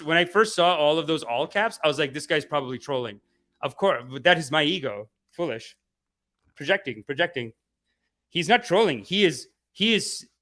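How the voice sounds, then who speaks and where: A man's voice: on the high side, pushed and bright. A young man hosting a satirical spiritual-guru livestream, mock-preachy and playful, reading chat comments and mimicking people. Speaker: comedy guru host.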